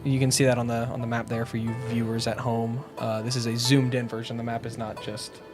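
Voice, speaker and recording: A man runs a tabletop game, narrating in a casual, rambling way full of fillers. His voice sits at a middle pitch, and faint music plays in the background. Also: level tone, brisk, a little mellow. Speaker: game master.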